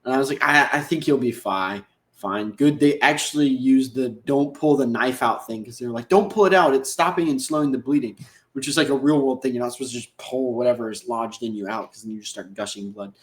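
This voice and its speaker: A man's voice: mid-range voice, steady tone, brisk. A man hosting a podcast, recapping an episode in a casual, rambling, slangy way and acting out the characters' lines. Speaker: podcast host. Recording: echoey room.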